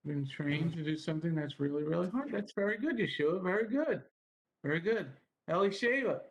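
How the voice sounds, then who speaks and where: A man's voice: fairly high pitch, expressive, brisk. A man leading an online devotional lesson for children over a video call, patiently spelling words out letter by letter.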